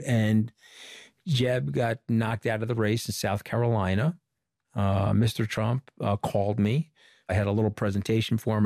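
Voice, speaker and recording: A middle-aged man from Long Island speaks in a lowish voice, recounting events as an interview guest. He acts out the people he quotes in little bits of dialogue. The sound is dry, with no room around it. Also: creaky, dry recording. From Long Island, New York. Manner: animated storyteller who quotes people in dialogue. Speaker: interview guest, former communications director. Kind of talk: conversational storytelling interview.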